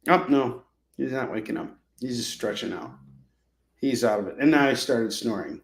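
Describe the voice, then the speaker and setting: A man's voice: mid-range voice, lively intonation, moderate pace. A man hosting a live comic-book sale, chatting casually with viewers in a joking, sarcastic way. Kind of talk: casual live selling chat. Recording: echoey room.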